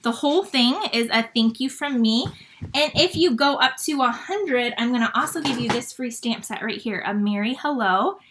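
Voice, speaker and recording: A woman from Michigan leads a live card-making demo in a chatty, quick way, full of fillers and asides. Her voice sits a little high and sounds bright and crisp. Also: a little hiss or hum. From Michigan, USA. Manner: chatty and fast-talking, with many fillers. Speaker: paper-craft demonstrator hosting a live stream. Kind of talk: casual live craft demo.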